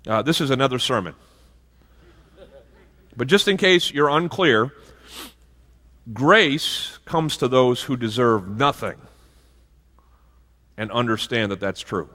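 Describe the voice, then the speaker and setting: A male pastor delivers a sermon in a loose, conversational style, often restarting his sentences and dropping in asides. His voice is bright and forward, and it sits at an ordinary pitch. A long church-hall reverb trails after each phrase. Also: expressive, slow pace, long pauses. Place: church sanctuary.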